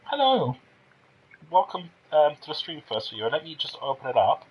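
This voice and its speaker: A man's voice: fairly high pitch, big pitch swings, normal speed, slightly rough, dull audio. A man casually commenting while he plays and streams a game, thinking aloud and reacting as he explores. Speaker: let's play streamer.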